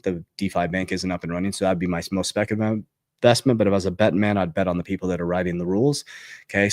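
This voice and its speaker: A man's voice: dry recording, studio quality. A man hosting a finance channel, giving a motivational talk about investing. He is emphatic and repetitive, gets fired up, and keeps checking in with "okay?". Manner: gets fired up, pitch jumps on punchlines. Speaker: crypto and investing channel host.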